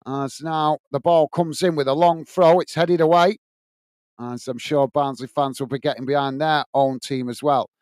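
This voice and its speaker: A man's voice: fairly high pitch, steady tone, normal speed, darkish tone, clear, resonant tone, dry recording. A man from England hosting a live football watch-along, calling the play and chatting as he reads out viewers' comments, openly backing his own team. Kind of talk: live fan commentary and chat reading.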